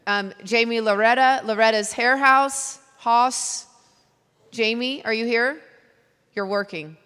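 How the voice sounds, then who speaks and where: A woman's voice: fairly high pitch, slow, fairly bright tone, smooth. A woman with a Texan accent emceeing a live event, chatty and loose, poking fun at herself. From Texas. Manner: chatty, self-deprecating, loose. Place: event hall. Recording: long hall reverb.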